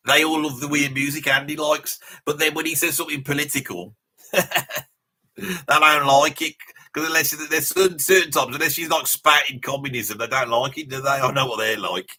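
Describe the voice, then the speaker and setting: A man's voice: a little high, steady tone, normal speed, sharp tone, slightly rough, exaggerated voice. A man putting on a brash, mouthy metalhead bloke with a Birmingham accent, blustering and rambling through a live reaction stream. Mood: blustery. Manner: blustering and rambling, swears casually, laughs at his own jokes. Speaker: livestream host in character.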